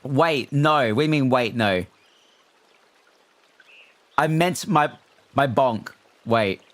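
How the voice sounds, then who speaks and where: A man's voice: mid-range voice, takes it slowly, fairly bright tone. A man streaming live, chatting casually and animatedly with his viewers and reading their messages aloud. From not American. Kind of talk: casual livestream chat with viewers.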